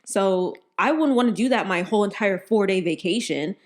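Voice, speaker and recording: Young woman, podcast co-host, lively storytelling, laughs a lot, mid pitch. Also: normal speed. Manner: laughs easily, animated storytelling. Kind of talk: casual chat.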